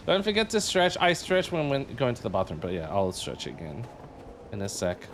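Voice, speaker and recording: A man's voice: medium pitch, moderate pace, fairly bright tone, slight background noise. A man streaming a game live, chatting casually and playfully with viewers and humming tunes between remarks. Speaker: livestreamer.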